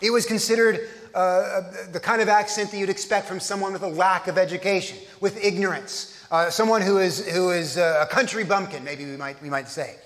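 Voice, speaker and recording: A man's voice: high-pitched, brisk, fairly bright tone, big-room sound. A man from Texas, preaching a conversational sermon as pastor, often restarting his phrases.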